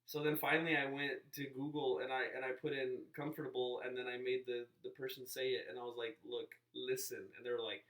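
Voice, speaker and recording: A man's voice: medium pitch, fairly even intonation, quick pace, hardly any pauses, far from the mic. Rambling man vlogging, roomy sound. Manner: rambling, self-interrupting, playfully mimics others. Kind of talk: casual vlog monologue. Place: inside a parked car.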